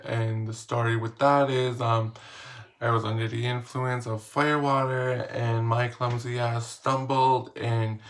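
A man casually reading questions aloud and answering them in a playful, slangy, self-mocking vlog. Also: mid-range voice. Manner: reads each question aloud, then answers. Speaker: vlogger.

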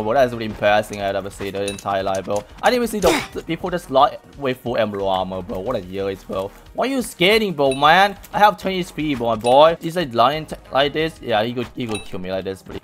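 Excitable young man taunting in a game. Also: medium pitch, quick pace, few pauses, faint music behind. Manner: excitable, taunting opponents, non-native English. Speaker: gaming YouTuber. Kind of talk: live gameplay commentary.

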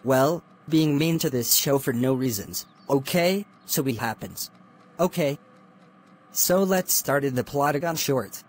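A man giving a rambling, informal intro to his channel's animated short. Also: mid-range voice, unhurried. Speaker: channel host. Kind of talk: casual video intro.

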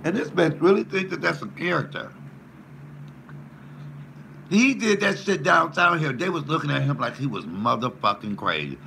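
A man, a comedian, ranting profanely with loud trash talk and mock threats while cooking. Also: a little high, sing-song, normal speed, vocal fry, pauses often, slight background noise. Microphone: camera mic in a home kitchen.

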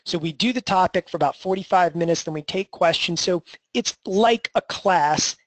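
Energetic male webinar host, high voice, dry close mic, salesy and chatty. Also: normal speed, dry recording, low-quality recording. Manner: energetic, salesy, tags lines with "okay?". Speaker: trading educator hosting a webinar.

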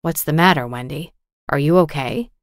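A woman voicing a calm, caring teenage boy in a storybook, in her own slightly lowered, gentle voice. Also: normal speed, dry recording, studio quality, natural voice. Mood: worried.

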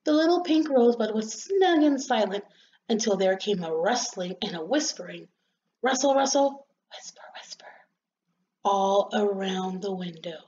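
A woman reading a children's story aloud in an expressive, gentle storytelling manner. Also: medium pitch, normal speed, a little hiss or hum. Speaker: storybook reader. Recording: slightly dull lo-fi recording.

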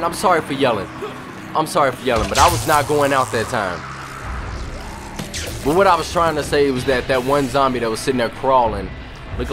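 A young man riffs and jokes through a let's-play in loud, profane bursts. His pitch swings widely, from low mutters to sudden high yells. Music plays faintly behind him. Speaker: gaming commentator. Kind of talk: casual let's-play commentary.

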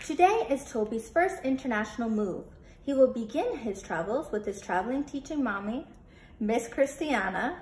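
Brief: woman teacher, animated interactive read-aloud for children, echoey room, faint noise. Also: fairly high pitch. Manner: animated, asks children questions.

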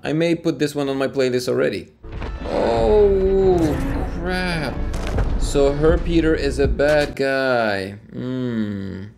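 A movie reaction host from Quebec, Canada, with a Quebec French accent, thinks aloud and exclaims while watching, in a slow, creaky mid-range voice. The film's soundtrack music plays behind the casual commentary.

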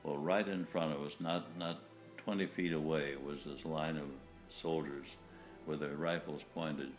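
An older man, a war veteran from the United States, recounting wartime memories in a halting way, with restarts and small chuckles. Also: extremely low pitch, fairly even intonation, faint music behind. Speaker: WW2 veteran interviewee.

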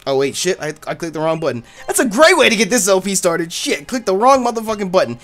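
Loud, cursing man doing game commentary, high and very animated; faint game music behind. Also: fast. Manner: loud, boisterous, cursing and joking. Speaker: Let's Play host. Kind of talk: casual gameplay commentary.

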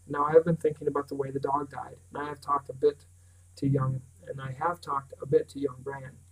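A man's voice: mid-range voice, flat delivery, recorded from a distance, close to an everyday voice, low-quality recording. A man reading the lines of a lean, weathered older sheep farmer who talks plainly and at times sharply, in an audiobook reading. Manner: slow, plain-spoken, occasionally sharp.

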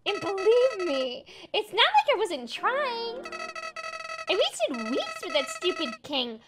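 Flowey, a creepy high flower boy, as a woman puts him on. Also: huge pitch swings, slow pace, over music, exaggerated voice. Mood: cold. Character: creepy child flower spirit, boyish, eerily cheerful.

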